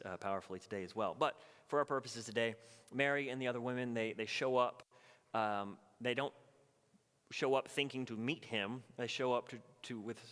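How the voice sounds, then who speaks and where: A man teaching a midweek Bible study, telling the story with animated energy. He slips into the voices of its people as he goes. His voice rings with a long reverb in a church hall. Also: lowish voice. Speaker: pastor.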